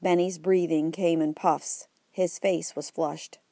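A woman narrating an audiobook in a wry, even storytelling way. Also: sits low, slow pace, no echo.

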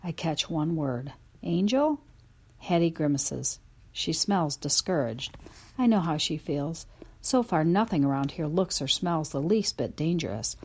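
Her voice sits low, slightly rough, and unhurried as she reads a children's audiobook. The tale is told in first person through a dog's eyes, and she brings it to life with expressive, lively narration.

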